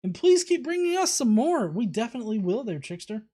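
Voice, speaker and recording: A man's voice: extremely high pitch, very animated, a little fast, warm tone. A man hosting a livestream, casually reading viewer comments aloud with many fillers and restarts. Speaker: host.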